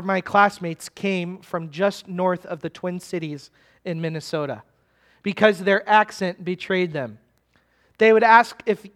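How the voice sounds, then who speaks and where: Man, pastor, conversational sermon, questions to listeners, fairly high voice. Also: a bit bright. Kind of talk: expository sermon.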